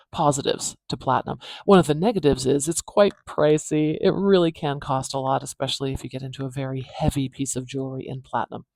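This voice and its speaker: A phonetics teacher giving a pronunciation lesson, repeating words slowly to demonstrate each sound, with pauses and fillers. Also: mid-range voice, darkish tone, no room sound.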